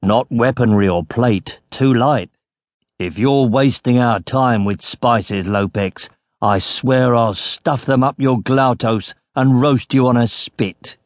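A male narrator voicing a gruff, menacing warrior sailor who speaks in a low purr. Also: slow, no echo, clean studio sound, lightly acted. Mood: grumbling threat.

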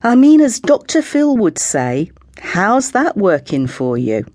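A woman voicing a chatty middle-aged mum with a brisk, soothing counsellor tone, in an audiobook. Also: mid-range voice, sing-song, darkish tone, no room sound, studio quality, voice pushed up. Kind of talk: audiobook character voice.

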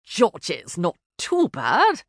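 A woman's voice: medium pitch, wildly swooping pitch, slow, dry recording, clean studio sound, full character voice. A woman voicing an affable, clueless young aristocratic man in a genial, bluff manner.

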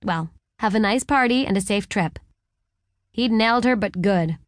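A woman narrating a romance novel in a wry, even storytelling manner on a close studio mic. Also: mid-range voice, normal speed, dry recording. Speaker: audiobook narrator. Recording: dry close audiobook studio.

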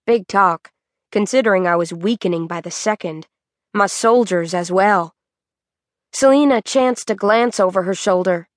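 A woman narrating a fantasy audiobook in a measured, dramatic manner, recorded on a studio microphone. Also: medium pitch, fairly bright tone, dry recording.

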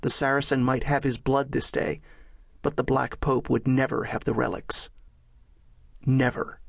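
A man narrates a thriller audiobook in a measured, steady way. His mid-pitched voice carries a gravelly texture. The recording is dry and close, with no room sound. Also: no room sound.

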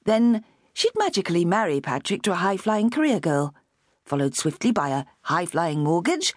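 A woman narrating an audiobook of a novel in an expressive, lively way. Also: on the low side, dry recording, clean studio sound.

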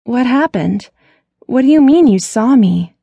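A woman's voice: mid-range voice, normal speed, mellow, no echo, highs cut off, voice pushed up, close to an everyday voice. A woman reading a snappy young woman woken at night. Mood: exasperated. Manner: exasperated, snappy. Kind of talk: audiobook character voice.

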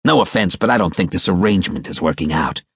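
Sleazy foul-mouthed producer guy, low husky grumble, dry close sound, voiced by a man. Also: expressive, quick pace, fairly bright tone, no echo, exaggerated voice. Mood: gruff. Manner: gruff, profane, blustering. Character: crude, sleazy middle-aged male film producer.

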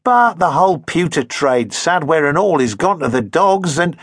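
A man voicing a timid, pleading landsman tradesman in an audiobook, high and eager. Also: expressive, moderate pace, fairly bright tone, slightly rough, dry recording, clean studio sound. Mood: earnest.

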